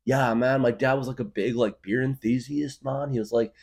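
Male comic doing a boastful bro beer rep, slangy drawl, slightly raised pitch. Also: steady tone, normal speed, gravelly, darkish tone, breathy edge. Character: laid-back bro craft beer salesman, adult man.

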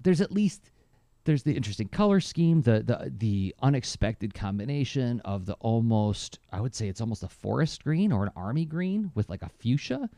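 Animated man, mellow dry voice. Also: moderate pace, dry recording. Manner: animated, enthusiastic storyteller with lively pitch jumps. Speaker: podcast co-host. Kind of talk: casual chat.

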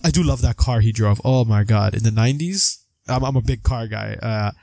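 A young man co-hosting a casual podcast chat about a film, animated and quick to act out lines from scenes. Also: creaky, no echo. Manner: animated, acts out quotes with big pitch jumps. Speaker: podcast co-host.

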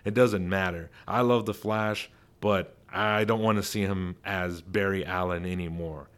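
A man hosts his own commentary show in a fairly low voice. He talks in a casual, chatty way and puts strong emphasis on his opinions. He sounds animated and speaks freely. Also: unhurried. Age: adult father. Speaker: commentary host.

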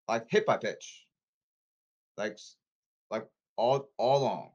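Speaking to the camera in a mid-range voice, this man is animated yet unhurried, leaving long pauses. It's a ranting monologue full of repeated points and angry, emphatic outbursts.

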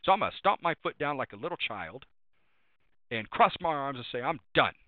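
A man's voice: medium pitch, very animated, brisk, dry recording. A man preaching a sermon, speaking emphatically, repeating refrains and citing Bible verses by chapter and number. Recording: tinny phone-like dry sound.

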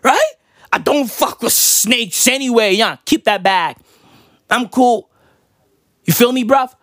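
A brash young man rants in a loud, profane, slang-heavy stand-up comedy style. His pitch swings wildly and is very animated, and the recording is dry and close. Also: takes it slowly, pauses often, no room sound.

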